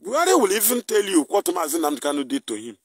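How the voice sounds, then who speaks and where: A man's voice: high voice, huge pitch swings, fast, husky, no echo. A man delivering an indignant political rant, firing off rhetorical questions. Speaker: political commentator.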